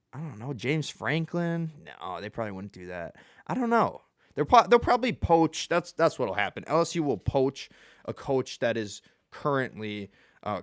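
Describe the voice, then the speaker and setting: Guy hosting a sports show, rambling and joking at himself, smooth clean voice, dry close sound. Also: medium pitch, a bit bright, no echo. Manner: rambling, self-deprecating, chuckles mid-sentence. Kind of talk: casual sports commentary.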